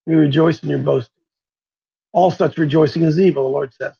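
High gravelly fervent preaching man. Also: fairly even intonation, fairly quick, dark tone, lo-fi sound. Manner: fervent, repeats points for emphasis. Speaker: talk show host. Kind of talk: preaching talk radio.

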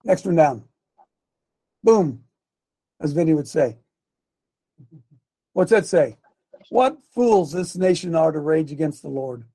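A high-voiced man delivers a fiery sermon, swinging from emphatic shouting to sarcastic asides. He reads scripture aloud and calls directions to the crew between passages. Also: animated, slow pace, long pauses, husky. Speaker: pastor.

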